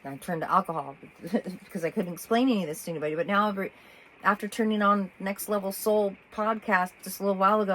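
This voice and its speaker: A woman telling a personal story in a rambling, animated way, often breaking off and restarting. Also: on the low side, a little hiss or hum, rough recording. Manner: rambling, animated, self-interrupting with laughs. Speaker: vlogger.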